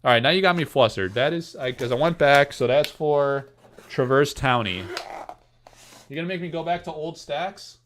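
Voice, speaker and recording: A man hosting a live card-opening stream, chatting casually to his viewers, excitable and self-mocking. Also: on the high side, moderate pace, a little hiss or hum. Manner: excitable, self-mocking, talks straight to chat.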